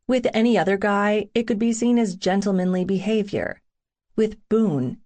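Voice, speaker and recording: A woman narrating a first-person romance audiobook in an intimate, wry, unhurried reading. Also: medium pitch, a little mellow.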